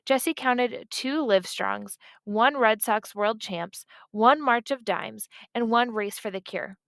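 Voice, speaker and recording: A woman narrating a children's book in a steady, expressive storytelling manner, close to the mic. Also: on the high side, takes it slowly, creaky, no echo. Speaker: audiobook reader.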